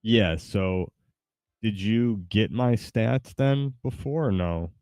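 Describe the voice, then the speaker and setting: A man's voice: lowish voice, expressive, slow pace, a little mellow, dry recording, clean studio sound. A man streaming a game, chatting casually in a rambling, hesitant way with many fillers. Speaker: gaming streamer. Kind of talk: casual live-stream chat. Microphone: desk mic with webcam.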